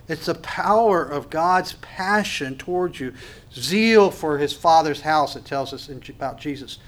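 A man delivers a sermon in a high, ringing voice. He preaches with passion, dropping into short acted-out exchanges between God and his listeners. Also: fairly bright tone. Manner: impassioned, acts out dialogue with God.

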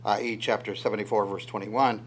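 Briskly and in a fairly low voice, a man teaches a verse-by-verse sermon on the Psalms. He is animated, chuckles now and then, asks rhetorical questions, and voices God's words in quotation.

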